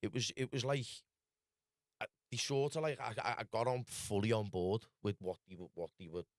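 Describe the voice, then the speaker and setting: A man with a Scouse accent telling his story rapidly in casual podcast chat, peppered with lad and bro. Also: fairly low pitch, fairly even intonation, no room sound, studio quality. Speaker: podcast guest.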